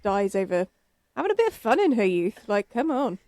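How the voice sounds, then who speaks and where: A woman's voice: medium pitch, sing-song, brisk, a little mellow. A woman co-hosting a podcast, chiming in with short quips and laughing a lot in casual chat.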